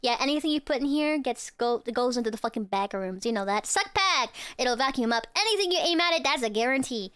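A woman streamer giving excitable, giggly live commentary on a game, swearing freely. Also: sits high, a little fast, few pauses, clean tone, dry recording, studio quality. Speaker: VTuber streamer.

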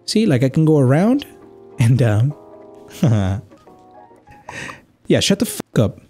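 A man's voice: mid-range voice, very animated, normal speed, dark tone, soft background music. A young man doing casual gameplay commentary, joking around and dropping Spanish words. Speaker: gaming YouTuber.

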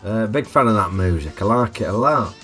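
A man's voice: lowish voice, animated, brisk, fairly bright tone, faint music behind. A man giving a chatty, jokey film review full of tag questions. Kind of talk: casual film review narration.

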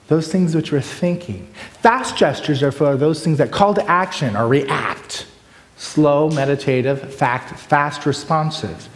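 Recorded from a distance in a large hall with long, echoing reverb, a male preaching-workshop speaker gives a conference lecture with demonstrations. His fairly high voice is animated, swinging between loud bursts and hushed asides, and there's a slight hiss or hum on the recording.

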